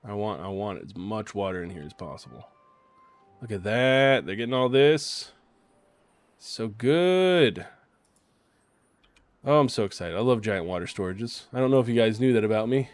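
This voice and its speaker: A man casually commentating his gameplay on a stream, chatty and excitable, cursing now and then. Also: fairly low pitch, normal speed, long pauses, no room sound. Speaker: game streamer.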